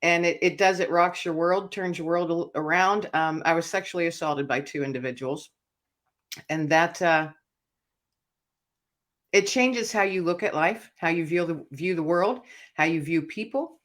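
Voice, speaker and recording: A woman, an author and speaker, telling her personal story as an interview guest in an earnest, reflective way that often drops quiet. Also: fairly low pitch, normal speed.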